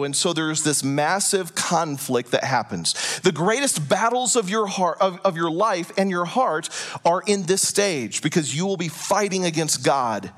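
A man with a high voice delivers a sermon to a congregation in a church hall. He speaks earnestly and deliberately, pausing for effect and acting out imagined prayers in a softer, lower voice. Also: expressive. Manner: earnest preaching with dramatic pauses, voicing imagined prayers. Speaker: pastor.

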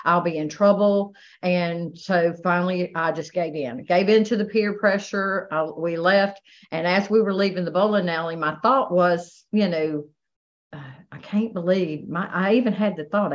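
A woman with a fairly low voice recounts her personal testimony, stopping and restarting often. The recording sounds dull and lo-fi. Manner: halting, many restarts and "you know". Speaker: guest sharing her testimony.

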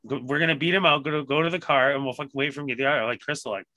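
A man on a podcast telling a story casually, swearing constantly and animated in his retelling. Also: a little high, very fast, no room sound. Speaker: podcast co-host.

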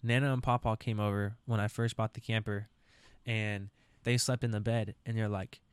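A man's voice: on the low side, flat delivery, normal speed, clear, resonant tone, no echo. A young man, talking alone on his own podcast in a casual, rambling, joking way. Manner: rambling, joking, says dude a lot. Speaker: podcast host. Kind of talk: solo casual podcast chat. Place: camper.

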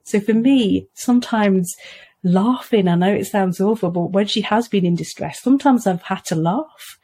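Woman, middle-aged, husky voice, earnest, reflective, laughs easily, mid pitch. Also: moderate pace, dark tone. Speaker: podcast guest, mother. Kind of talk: conversational interview.

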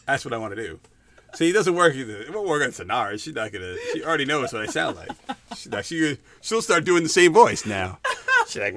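A man's voice: medium pitch, sing-song, a little fast, background noise. A man chatting casually as a guest on his wife's podcast, jokey and rambling, laughing a lot. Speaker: podcast guest, host's husband. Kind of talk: casual chat.

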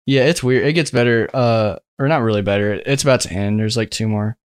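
A man's voice: mid-range voice, brisk, clear, resonant tone, no echo, studio quality. A young man co-hosting a casual podcast over voice chat, telling stories loosely with swearing and laughter. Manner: laid-back, swearing, laughing storyteller. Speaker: podcast co-host.

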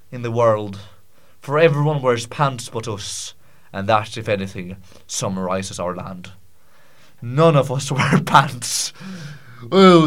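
A man's voice: medium pitch, close to an everyday voice. A man voicing a rambling, boastful Scottish shepherd in a put-on Scottish accent, pompous and over the top. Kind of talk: comedic accent practice.

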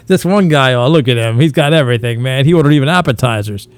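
A man's voice: mid-range voice, expressive, quick pace, smooth, dry recording. A man in his fifties telling rambling, profane stories in casual podcast chat, slipping into impressions. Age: 50s. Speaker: podcast co-host.

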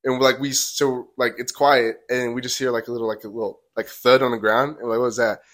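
A man's voice: medium pitch, level tone, brisk, fairly bright tone. Young man telling a rambling story. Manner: rambling, many "like"s, acts out quotes. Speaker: podcast host. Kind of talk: casual storytelling.

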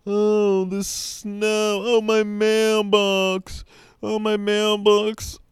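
A man putting on the high, moaning voice of an adult who whines about snow. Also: monotone, drawn-out words, smooth, no echo, studio quality. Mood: whiny. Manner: whining, exaggerated moaning.

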